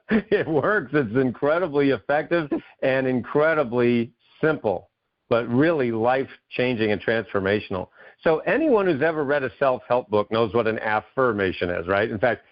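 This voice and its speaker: A man's voice: mid-range voice, animated, moderate pace. A man from Maine, a guest author and keynote speaker, telling his story with enthusiasm in a radio interview. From Maine, USA. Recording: dull lo-fi radio audio.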